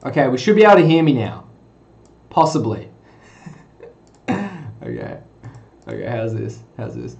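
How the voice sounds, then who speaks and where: A man's voice: mid-range voice, very animated, normal speed, creaky, long pauses, a little mellow, highs cut off. A man streaming to his viewers in goofy, hyped chatter through a cheap webcam mic, swearing, laughing and whooping.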